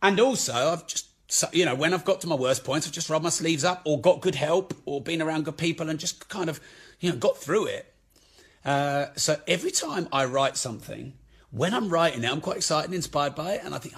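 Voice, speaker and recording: A man's voice: on the high side, a little fast, a bit bright, breathy edge. A man who speaks frankly and swears freely, giving a candid motivational talk about his business life.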